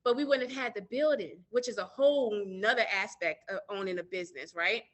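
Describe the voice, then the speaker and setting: A woman's voice: medium pitch, fairly quick. A middle-aged woman business owner, a guest telling her story earnestly in an interview and talking straight to listeners. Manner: earnest, addresses listeners directly as y'all.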